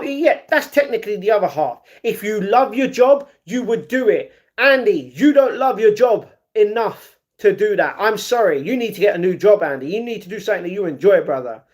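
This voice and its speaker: High-voiced man on a chatty livestream. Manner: reads viewers' chat aloud and argues back; excited ringside-style reactions to a fight he is watching. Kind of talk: casual livestream chat.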